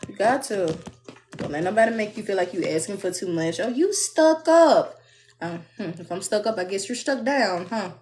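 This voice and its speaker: A woman's voice: fairly quick, darkish tone, slight background noise. Young woman, live tarot reading, blunt, sassy, preachy. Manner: blunt, sassy, preachy, mimics others in high voices. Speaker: tarot reader.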